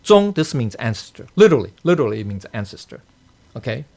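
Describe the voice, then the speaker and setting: A man's voice: medium pitch, big pitch swings, quick pace, creaky, a little mellow. A man teaching a casual study class, rambling with many fillers and "okay?" checks. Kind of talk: casual spoken lecture. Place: temple study session.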